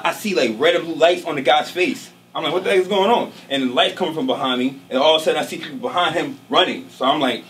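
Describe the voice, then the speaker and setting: A man telling a casual, slangy, animated story on stage before a live audience, often checking in with his listeners. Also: a little high. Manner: casual, slangy, animated, peppered with "you know what I'm saying". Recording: distant mic, noisy live venue.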